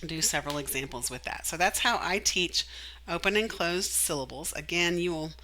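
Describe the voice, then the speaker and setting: A woman teacher explaining a reading method, animated, singing the letters and acting out the sounds. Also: lowish voice, moderate pace, poor audio. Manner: animated, demonstrates sounds and sings.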